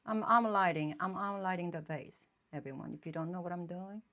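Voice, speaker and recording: A woman painter chatting casually on a live stream from her home painting room, thinking aloud in halting phrases and often checking in with her viewers. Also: lowish voice, bright, forceful tone. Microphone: phone streaming live.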